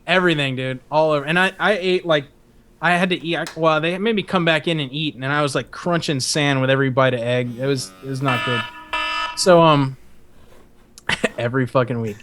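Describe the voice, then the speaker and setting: A young man spins a long story to his co-host on a casual podcast. His voice sits a bit high for a man, and his talk is loose, rambling and full of swearing and laughs. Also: brisk, fairly bright tone, a little hiss or hum. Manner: profane, rambling, laughs often.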